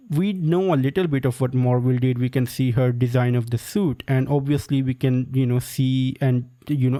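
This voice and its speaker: A man giving casual, opinionated video commentary, full of "like" and quick asides. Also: medium pitch, warm tone. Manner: opinionated, filler-heavy with frequent "like". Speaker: pop-culture commentator.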